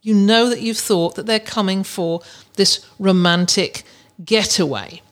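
Woman podcast host, mid-pitched, conversational, chatty, stumbles and restarts often. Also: measured pace. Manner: chatty, with frequent restarts and fillers. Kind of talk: casual advice talk.

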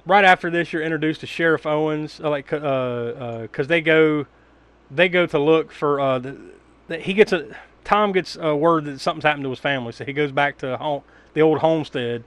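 A man recaps a film for his podcast co-hosts in a loose, rambling way. He laughs often and swears casually, and his voice sits a little higher than most men's. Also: normal speed, a bit bright, no room sound. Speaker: podcast co-host. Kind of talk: casual movie recap chat.

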